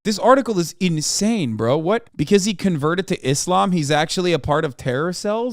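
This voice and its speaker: A man streaming a reaction commentary, profane, animated and sarcastic. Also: sits high, moderate pace, few pauses, no echo, studio quality. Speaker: streamer host.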